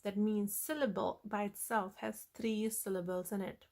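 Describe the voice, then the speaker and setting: A woman's voice: mid-range voice, steady tone, normal speed, darkish tone. A woman teaching a phonics lesson on vowel sounds, explaining patiently and repeating the key points.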